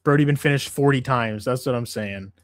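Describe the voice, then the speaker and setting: A man's voice: mid-range voice, fairly quick, no echo, studio quality. A man hosting a casual MMA livestream, ranting in a profane, exasperated way. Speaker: MMA show host.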